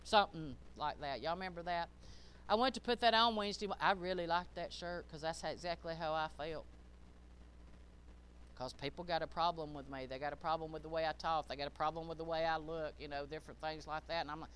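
An older woman preaching a sermon, emphatic and folksy, swinging between loud and hushed. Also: sits low, fairly even intonation, fairly quick, slight background noise.

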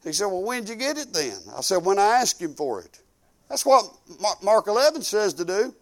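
A man's voice: high voice, very animated, normal speed. An older man preaching a sermon, emphatic and repetitive, telling folksy stories with quoted dialogue.

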